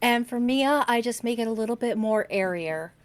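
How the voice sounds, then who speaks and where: A woman's voice: a little high, lively intonation, moderate pace. A woman co-hosting a stream who voices characters, explaining her process plainly in casual chat. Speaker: streamer co-host, voice actor.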